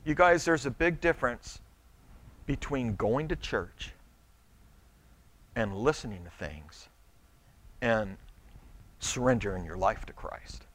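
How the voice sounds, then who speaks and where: A man's voice: medium pitch, animated, slow pace, long pauses, a bit bright. A middle-aged male pastor preaching a sermon in a conversational way, stumbling over restarts and acting out little quotes.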